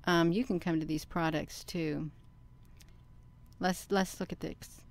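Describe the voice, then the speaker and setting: A woman hosting a casual screen-share video, talking to herself by name and to her viewers, and breaking into loud excited exclamations. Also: lowish voice, slow. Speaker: channel host.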